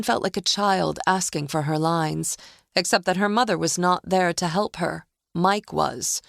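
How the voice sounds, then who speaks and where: A woman narrating a thriller audiobook at an unhurried, deliberate pace. Her voice sits low with a gravelly grain, recorded close and dry. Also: dry recording.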